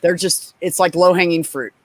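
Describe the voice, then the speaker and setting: A woman telling profane, animated stories in a casual chat as a guest. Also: fairly low pitch, normal speed, no room sound.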